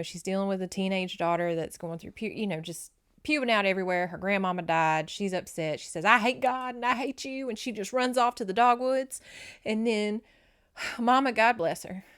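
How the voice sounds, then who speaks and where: A woman's voice: medium pitch, moderate pace, clear, resonant tone. A woman from North Louisiana with a Southern accent, chatting through a book recap as a podcast host, full of tangents and emotional asides.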